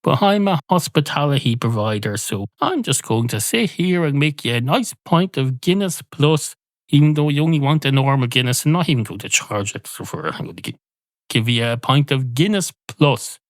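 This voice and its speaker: A man's voice: mid-range voice, lively intonation, normal speed, no room sound, clean studio sound, voice pushed up, lightly acted. A man doing a glum, weary barman. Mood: resigned. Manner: mopey and resigned.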